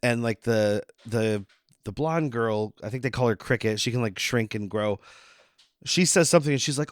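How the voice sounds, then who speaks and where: A man of middle pitch chatting casually on a podcast. He jokes easily and drops into short mock-quotes. The sound is close and dry with no room around it. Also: fairly quick, no echo. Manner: laid-back, joking, mock-quotes characters. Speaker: podcast co-host. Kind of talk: casual chat.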